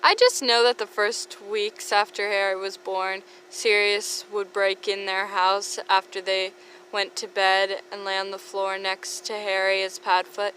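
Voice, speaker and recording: A woman reading fan comics aloud in breathless, rapid run-on sentences. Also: mid-range voice, completely flat delivery, pushed and bright, a little hiss or hum, rough recording. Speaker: fan comic dub reader.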